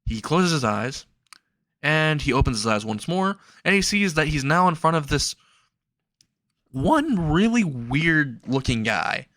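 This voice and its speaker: A man's voice: a little high, big pitch swings, measured pace, a bit bright, dry recording. A young man casually narrating a fan story in a rambling way with laughing asides.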